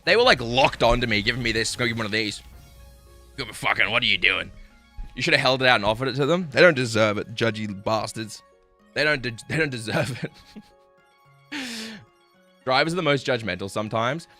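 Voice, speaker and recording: A man's voice: medium pitch, lively intonation, brisk, long pauses, sharp tone, faint music behind. A young man telling stories on a live stream, swearing and laughing as he chats with viewers. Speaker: livestreamer. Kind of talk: casual live-stream storytelling.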